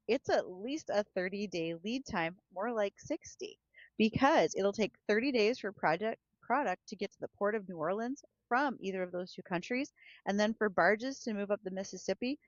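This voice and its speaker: A woman co-hosts a farm broadcast, talking in a chatty, easygoing way. Her voice sits at an ordinary middle pitch. The audio is dry and slightly dull. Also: no echo. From North Dakota. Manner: chatty, laughs easily, storytelling. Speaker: agriculture director and co-host. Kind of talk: casual on-air chat and farm market report. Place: broadcast studio.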